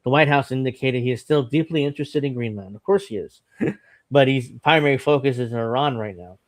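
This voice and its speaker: A man hosting a podcast, reading news articles aloud with halting fillers and casual asides. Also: mid-range voice, no room sound. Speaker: podcast host.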